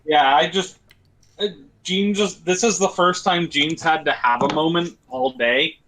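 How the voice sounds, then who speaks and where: A man with a bright, fairly high voice describing his character's actions in an online tabletop game. He speaks very slowly and keeps things descriptive. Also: rough recording. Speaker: player. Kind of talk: tabletop role-play over a call.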